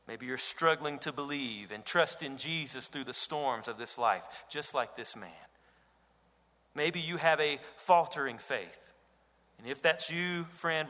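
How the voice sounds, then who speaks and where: A man's voice: medium pitch, pushed and bright. A man preaching a sermon as pastor, earnest and rising to emphatic cries. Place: church sanctuary. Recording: reverberant hall.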